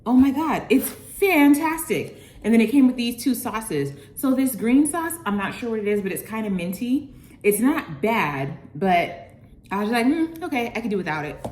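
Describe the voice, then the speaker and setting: A young woman vlogging at home, gushing with excitement over takeout food and sometimes talking with her mouth full. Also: on the high side, unhurried, echoey room. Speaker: lifestyle vlogger. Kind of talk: casual food review to camera. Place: at home, indoors.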